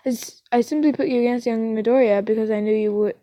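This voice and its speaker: A woman's voice: on the high side, steady tone, fast talker, mellow, no echo, close to an everyday voice. A young woman reading the lines of a stern adult male hero teacher in a formal, lecturing way.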